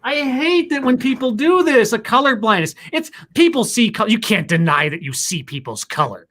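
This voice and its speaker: Exasperated high-voiced male host. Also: very animated, normal speed, a bit bright. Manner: exasperated, ranting. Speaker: podcast host. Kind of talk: casual discussion.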